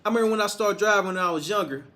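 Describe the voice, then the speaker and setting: A man's voice: high-pitched, very fast, sharp tone. A man from Arkansas, giving a motivational monologue in a preachy, repetitive way with many restarts. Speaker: motivational speaker.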